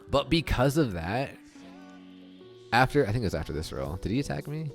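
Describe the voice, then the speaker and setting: A man giving casual commentary over his recorded game, thinking out loud and retelling the match in a chatty way. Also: medium pitch, very animated, fast, long pauses, faint music behind. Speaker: gaming video creator.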